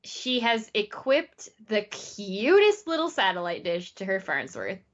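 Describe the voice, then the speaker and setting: A woman co-hosting a podcast, recapping a TV episode in a casual, animated way with lots of fillers. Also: mid-range voice, measured pace, muffled recording. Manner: animated retelling, many "like" fillers. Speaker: podcast co-host.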